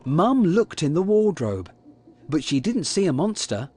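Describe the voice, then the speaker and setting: Man reading a kids' story, unhurried and animated. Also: a little high, slightly rough. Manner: slow, lively storytelling. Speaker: storybook reader. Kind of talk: children's story read aloud.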